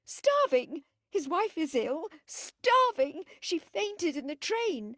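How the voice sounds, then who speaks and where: A woman reading an audiobook, voicing an impulsive, furious young woman who shouts in sharp high bursts. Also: unhurried, no echo, clean studio sound, natural voice. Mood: frantic, indignant. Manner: shrill, shouting.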